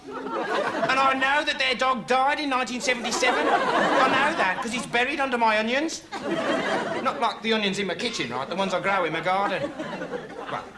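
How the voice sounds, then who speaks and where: An actor playing a rambling, dim young male amateur investigator in a comic monologue, meandering and deadpan, full of filler words. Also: very high voice, normal speed, pauses often, a loud crowd. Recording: TV studio audience laughter, noisy.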